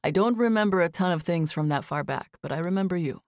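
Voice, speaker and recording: A calm, gentle man around thirty, as a woman narrator voices him speaks in an easy, measured way. The voice sits on the low side for a woman and keeps an even tone. The recording is dry and close, like a booth. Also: no room sound, lightly acted. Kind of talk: audiobook dialogue.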